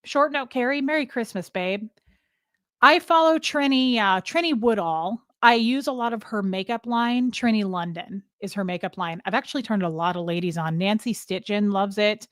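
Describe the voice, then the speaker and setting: A woman's voice: medium pitch, moderate pace, no echo, clean studio sound. A woman hosting a casual livestream, rambling from topic to topic and greeting viewers by name. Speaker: livestream host. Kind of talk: casual live chat with viewers.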